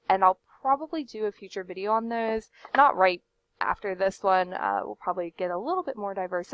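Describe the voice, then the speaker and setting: A woman's voice: mid-range voice, no room sound, highs cut off. A woman hosting a casual book vlog, chatty and rambling, with frequent fillers, restarts and light laughs. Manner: laughs now and then while talking. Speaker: book channel host. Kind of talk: casual book commentary to camera.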